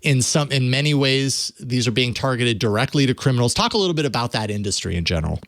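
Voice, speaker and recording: A man hosting a tech news show, reading a sponsor spot and then interviewing a guest in a relaxed way, with many fillers and restarts. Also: medium pitch, fast talker, no room sound, clean studio sound. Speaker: host. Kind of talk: podcast host reading an ad and interviewing.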